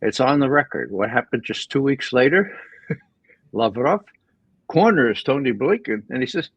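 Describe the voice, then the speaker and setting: An older man giving political commentary as a guest, animated with laughing asides and frequent restarts, heard over a dull lo-fi line. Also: mid-range voice, moderate pace, husky, no room sound. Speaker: guest analyst. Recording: dull lo-fi remote audio.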